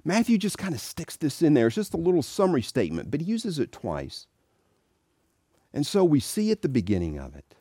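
A man giving an animated sermon-style talk, mid-pitched and lively, recorded close and dry. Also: no echo. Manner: animated storytelling with acted quotes. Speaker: Catholic speaker.

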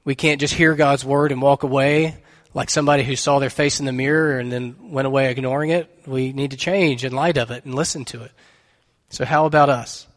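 A man's voice: mid-range voice, fairly even intonation, brisk, long reverb tail. A man preaching a sermon as pastor, telling a story in an earnest, conversational way.

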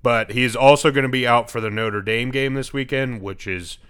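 A man's voice: mid-range voice, moderate pace, fairly bright tone, smooth. A man co-hosting a sports podcast, talking news in a laid-back, blunt way. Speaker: podcast co-host. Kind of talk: casual sports chat.

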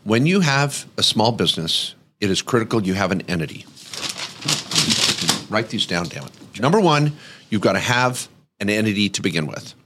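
Male podcast host, middle-aged, animated storyteller with a very lively pitch. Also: moderate pace, very noisy. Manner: lively, acts out voices in anecdotes.

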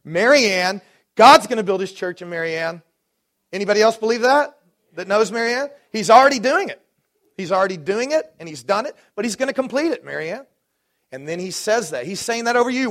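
A man in his forties from Dallas preaching a sermon to his congregation, swinging between rising fervor and relaxed storytelling asides. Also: sits high, moderate pace, pauses often. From Dallas, Texas. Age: 40s. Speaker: pastor.

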